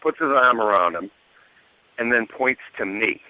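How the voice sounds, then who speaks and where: A middle-aged man telling a lively backstage story as a radio guest, acting out the people in it and laughing often. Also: lowish voice, unhurried, no room sound, low-quality recording. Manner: animated storyteller, laughs often, acts out quotes. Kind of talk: casual anecdote over a radio show.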